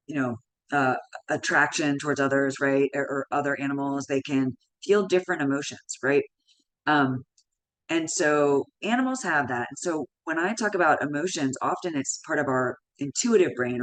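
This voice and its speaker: A woman's voice: low voice, poor audio. A woman, a psychologist in her thirties or forties, giving a conversational parenting talk and acting out short dialogues as examples. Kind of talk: educational talk.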